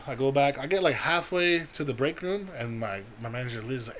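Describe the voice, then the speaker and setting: A young man co-hosting a podcast tells a long, profane story in casual fashion, animatedly acting out everyone's lines. His mid-range voice moves fairly quickly, with a little hiss or hum in the recording.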